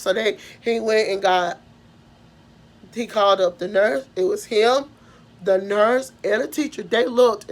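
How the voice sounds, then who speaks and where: A woman's voice: medium pitch, fairly bright tone. Young woman telling a rambling story. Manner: rambling, self-correcting, emotional retelling. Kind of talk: casual personal storytelling.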